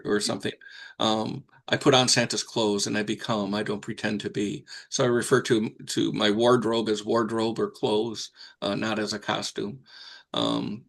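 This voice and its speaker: A man's voice: on the low side, vocal fry, a bit bright. An older man, a professional Santa performer, telling stories in a folksy, rambling way. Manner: folksy, rambling with fillers and restarts. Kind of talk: anecdotal storytelling.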